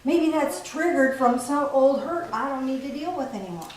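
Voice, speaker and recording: A woman giving a playful, animated spiritual talk to a group, often laughing as she teaches. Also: high-pitched, normal speed. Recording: echoey room from far off, faint noise.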